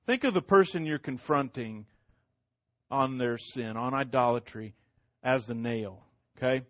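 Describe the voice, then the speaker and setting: A middle-aged man preaching a sermon as pastor, swinging between loud emphatic lines and hushed ones, with much repetition. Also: medium pitch, unhurried, dry recording.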